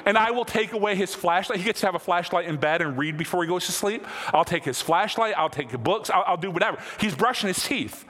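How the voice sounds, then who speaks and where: A man's voice: sits high, fast talker, hardly any pauses. Man preaching in an echoing hall. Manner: conversational, repeats himself for emphasis, rising to excited peaks. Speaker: pastor. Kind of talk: sermon. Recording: long hall reverb.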